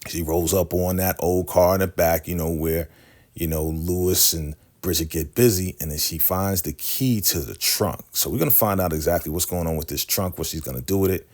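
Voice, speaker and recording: A man's voice: sits low, normal speed, darkish tone. A man hosting a casual episode recap, telling it in a slangy, chatty way with many asides. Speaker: recap show host.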